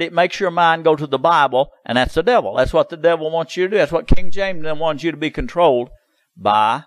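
A man's voice: on the high side, no room sound, poor audio. Insistent man preaching, dry sound. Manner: insistent, repetitive, drawling "you see" asides. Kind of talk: sermon.

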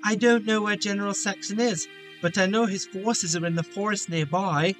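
A man's voice: sits high, steady tone, moderate pace, faint music behind, lightly acted. A man voicing a frightened captive soldier who begs for mercy and explains himself apologetically. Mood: pleading. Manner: pleading, apologetic.

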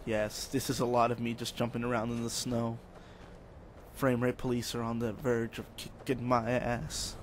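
A young man talks his way through a video game in a loose, rambling commentary, cracking jokes and muttering to himself. His voice sits at an ordinary pitch, with a faint hiss behind it. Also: monotone, moderate pace. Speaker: let's play gamer. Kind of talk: casual gameplay commentary.

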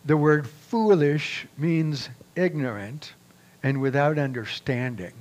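A male pastor delivering a sermon at an unhurried, deliberate pace. His voice sits a little high for a man, and he lifts it when he reads scripture aloud. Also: darkish tone. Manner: deliberate, measured preaching.

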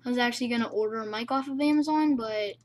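A young woman with a slightly high voice rambles playfully through her gameplay, talking half to herself. The sound comes from a cheap, low-quality microphone. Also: quick pace, a little mellow, slight background noise. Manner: rambling, playful, self-chatting. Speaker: gamer. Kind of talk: casual game commentary.

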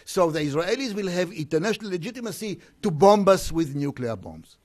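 Man presenting at an academic conference, voice a touch high, stop-start delivery full of restarts. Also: sing-song, a little mellow. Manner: halting, with frequent hesitations and restarts. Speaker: conference speaker.

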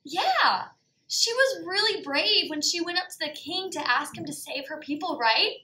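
A woman leads a children's Bible lesson in a bright, high, lively voice that swoops up and down. She talks in a sing-song way, gasping and exclaiming for preschoolers. The sound carries an echo from the room. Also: normal speed. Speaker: preschool teacher.

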